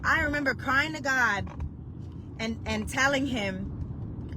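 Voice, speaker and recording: Woman preacher, fairly high voice, emotional storytelling delivery, steady noise and passing vehicles behind her. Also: slow pace, long pauses. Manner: emotional, storytelling, builds to cries. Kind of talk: impassioned devotional preaching.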